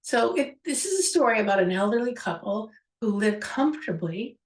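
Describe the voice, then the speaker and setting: A woman's voice: on the high side, lively intonation, normal speed. A woman hosting a show, musingly retelling a childhood story with a reflective, rambling manner. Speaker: host. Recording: echoey room, far from mic.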